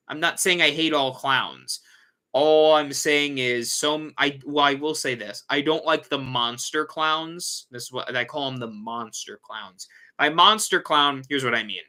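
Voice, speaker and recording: Casual male livestream host, bright tone, rambling and self-correcting. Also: a little high.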